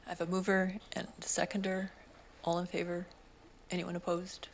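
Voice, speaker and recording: A Canadian woman runs through motions as chair. Her voice is lowish with a gravelly fry, and her calls are brisk and routine. A faint hum of room noise sits behind her. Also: monotone, poor audio. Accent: Canadian English. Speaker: committee chair. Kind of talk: chairing a public meeting. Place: council chamber.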